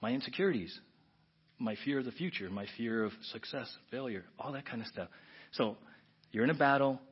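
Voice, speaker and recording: Husky male pastor preaching with emotion. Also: medium pitch, lively intonation, fairly quick. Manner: emotional, swings from hushed whispers to loud emphatic bursts; conversational, with repeated restarts. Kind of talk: sermon. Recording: dull, muffled recording.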